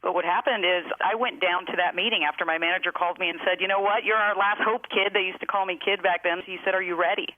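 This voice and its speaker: A woman telling her story as a guest, emphatic and motivational, slowing down to stress key phrases. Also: fairly low pitch, steady tone. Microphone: phone. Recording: tinny phone line.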